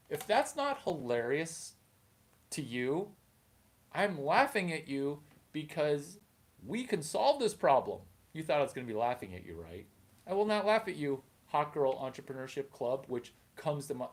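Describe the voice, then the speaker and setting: Man, stand-up comedian, animated, rambling, pitch swings widely. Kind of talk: comedic monologue to camera.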